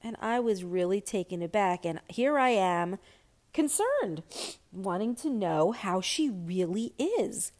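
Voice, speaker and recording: Slow, thoughtful woman speaking candidly. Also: mid-range voice, sing-song, darkish tone. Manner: candid, thoughtful, many fillers and restarts. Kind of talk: reflective personal talk.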